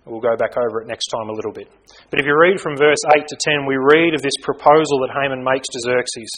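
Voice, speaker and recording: A man preaching a sermon in an earnest way, swinging from loud emphasis down to quiet, low asides. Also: fairly quick, low-quality recording. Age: young adult to middle-aged.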